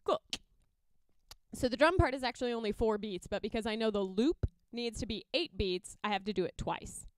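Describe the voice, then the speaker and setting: Bright-voiced young woman explaining music. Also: on the high side, normal speed, no room sound. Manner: chatty, upbeat, sings and beatboxes examples. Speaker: loop musician explaining her process. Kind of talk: casual tutorial talk.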